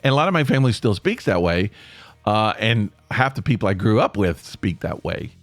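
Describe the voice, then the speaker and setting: Animated Appalachian man musing aloud. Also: lowish voice, a little fast, no echo. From East Tennessee. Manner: rambling, self-correcting, chuckles often. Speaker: podcast host. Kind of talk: casual monologue.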